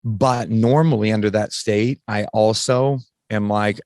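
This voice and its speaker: Low-voiced man telling a raw story. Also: steady tone, measured pace, darkish tone, no echo. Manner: casual, swears freely, restarts sentences. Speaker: podcast guest. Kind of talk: candid personal story in conversation.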